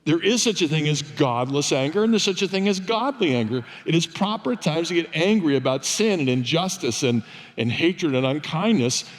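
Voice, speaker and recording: Fairly high-pitched and animated at a moderate pace, an older pastor delivers a sermon full of stories told in a casual, wry, self-mocking way. The recording carries the long reverb of a church sanctuary.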